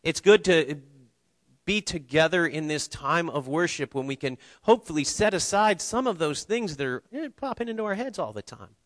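A man's voice: fairly high pitch, animated, moderate pace, fairly bright tone, no room sound. A man preaching a sermon in a church, earnest and conversational, with small restarts and light humor. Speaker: pastor. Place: church sanctuary.

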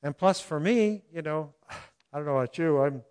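An older man preaching a sermon in a conversational way, chuckling often and animated as he speaks. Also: fairly high pitch, normal speed, clean tone. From California. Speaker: pastor.

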